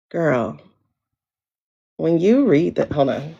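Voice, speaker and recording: Woman, livestream host, chatty and familiar, gravelly voice, lively pitch, dull lo-fi sound. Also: very slow, long pauses. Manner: chatty, greets viewers by name, drawls "girl" and "child". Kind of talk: casual livestream chat. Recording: lo-fi downloaded livestream audio.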